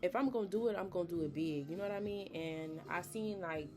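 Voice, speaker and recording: A woman's voice: lowish voice, quick pace, music in the background. A young woman hosting a podcast, chatting in a casual, earnest and encouraging way, with frequent fillers. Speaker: podcast host. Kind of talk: casual motivational talk.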